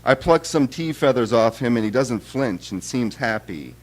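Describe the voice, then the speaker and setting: A man giving a live reading of his own poems in a wry, deadpan, conversational way. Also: medium pitch, normal speed.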